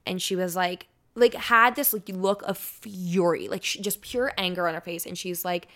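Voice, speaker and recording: A woman's voice: lowish voice, steady tone, moderate pace, few pauses, a bit bright. A woman in her twenties, a radio personality guesting on a podcast, telling a personal story in a chatty way full of "like" and "um". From United States. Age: 20s. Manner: chatty, filler-heavy with frequent "like" and "um". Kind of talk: casual chat, personal storytelling.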